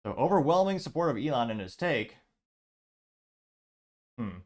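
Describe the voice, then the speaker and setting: A man hosting a show reads comments from social media aloud and adds wry asides, speaking at a moderate pace in a mid-range voice with big pitch swings.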